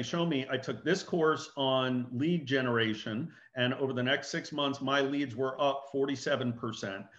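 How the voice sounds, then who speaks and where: A man giving an animated business talk as a guest speaker, acting out dialogue and anecdotes. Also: mid-range voice, dull audio.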